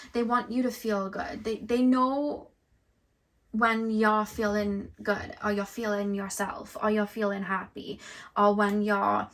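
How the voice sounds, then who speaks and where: A woman's voice: fairly high pitch, a bit bright. Earnest rambling woman tarot reader. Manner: rambling, heavy on "like" and "um"; earnest, openly emotional. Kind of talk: intuitive tarot reading to viewers.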